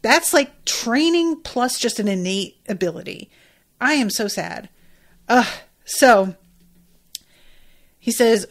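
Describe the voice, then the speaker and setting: A woman's voice: on the high side, lively intonation, slow, long pauses. A woman hosting a podcast, recapping an episode in casual chat with emphatic, exclamatory reactions and frequent swearing. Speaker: podcast host.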